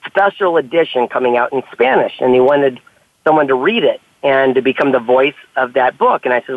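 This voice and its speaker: A man telling stories in a casual conversation, animated and acting out the dialogue he quotes. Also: mid-range voice, a little fast, no echo. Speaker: author and podcast guest. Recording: tinny phone-like line.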